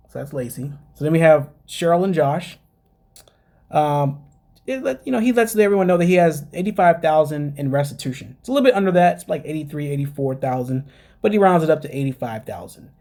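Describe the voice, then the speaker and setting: A man's voice: a little high, a little mellow. A man hosting a casual podcast, chatting through a reality show recap, laughing and talking to his listeners. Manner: chatty, laughs at own jokes, addresses listeners as guys.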